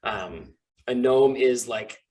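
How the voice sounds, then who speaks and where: Relaxed man narrating as game master. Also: medium pitch. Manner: relaxed, filler-heavy, describes scenes slowly.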